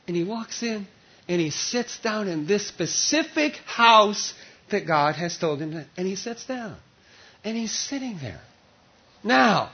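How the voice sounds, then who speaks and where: A male pastor preaching a sermon, telling a story animatedly with lots of repetition, on a dull, lo-fi recording. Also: sits high.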